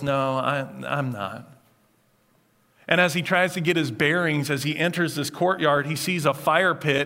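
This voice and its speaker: A man preaching a sermon, retelling a scene in an animated storytelling manner. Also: on the high side. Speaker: pastor.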